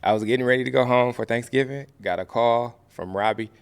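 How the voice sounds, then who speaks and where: A man from the American Midwest, a podcast guest and actor, telling a story in a relaxed way and acting out the voices of the people in it. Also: mid-range voice, fairly quick, clean tone. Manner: animated, acts out quoted voices. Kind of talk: casual storytelling.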